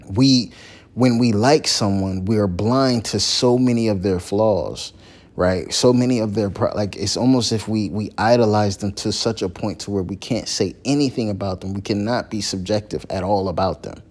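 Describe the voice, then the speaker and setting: A man on his own channel delivering an impassioned opinion vlog, repeating phrases and climbing high when heated. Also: normal speed, darkish tone. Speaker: YouTuber.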